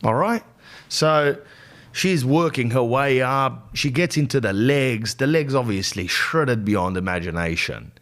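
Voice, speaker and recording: Animated comic storyteller man. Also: mid-range voice, measured pace. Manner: animated, rambling, exaggerated. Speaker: podcast host. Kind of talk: comedic storytelling.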